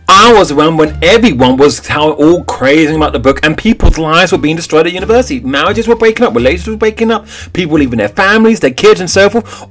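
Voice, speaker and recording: A man voicing an indignant woman in court who lists grievances with rising pitch.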